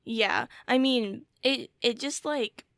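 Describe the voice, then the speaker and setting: A woman's voice: fairly high pitch, slow pace, creaky, fairly bright tone, dry recording, clean studio sound. A young woman co-hosting an anime podcast, talking in a laid-back, hesitant way with lots of fillers. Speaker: podcast co-host. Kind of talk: casual anime review chat.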